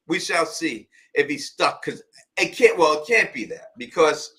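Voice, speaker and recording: A man's voice: fairly high pitch, bright, forceful tone. A man from New York with a New York accent, hosting a casual live stream and rambling through his theories. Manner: rambling, repetitive, thinking aloud.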